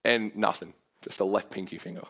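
A young man preaching a sermon, telling a story casually with lots of filler words and growing animated as he acts out his own prayers. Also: lowish voice, a little fast, vocal fry.

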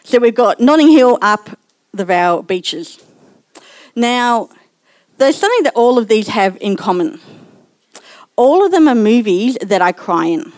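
A woman's voice: a little high, lively intonation, unhurried, pauses often, darkish tone, no room sound. Chatty woman giving a sermon, dry sound. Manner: personal and chatty, laughing at herself. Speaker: church speaker.

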